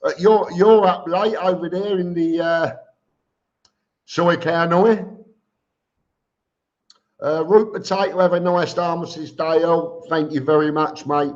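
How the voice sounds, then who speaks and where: A man's voice: a little high, steady tone, slow, pauses often, a little mellow. A man hosting a casual live stream, reading viewer comments aloud and answering them with chuckles. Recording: dull lo-fi stream audio.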